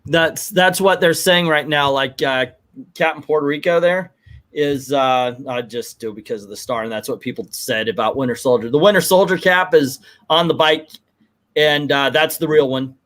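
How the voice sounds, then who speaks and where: Rambling man reviewing comics, slightly high voice. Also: moderate pace. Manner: rambling, animated, ranting. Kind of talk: live comic review commentary.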